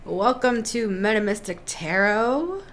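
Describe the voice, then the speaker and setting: A woman giving a casual tarot reading to camera, chatty and quick to laugh, with lively emphasis. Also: medium pitch, slight background noise. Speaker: tarot reader.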